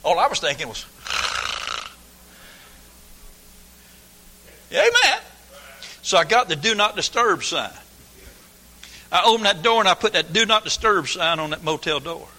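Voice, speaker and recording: Older preacher, folksy and lively, fairly high voice, husky edge, reverberant church. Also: male voice, brisk. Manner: folksy storytelling, swinging from hushed asides to shouting. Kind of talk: sermon. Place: church sanctuary. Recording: long hall reverb.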